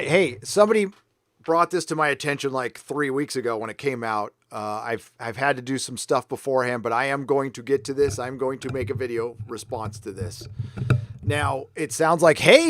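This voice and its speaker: A man's voice: mid-range voice, moderate pace, dry recording. An American man hosting a commentary livestream, blunt and ranting, swearing freely as he reacts to clips. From United States. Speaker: livestream host. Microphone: headphones on while talking into a desk mic.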